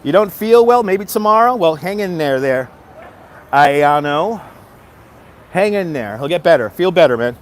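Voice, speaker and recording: A man's voice: a little high, lively intonation, unhurried. An upbeat man live-streaming outdoors on a city street from his phone, greeting viewers by name and giving them a motivational push. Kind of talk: casual live-stream chat.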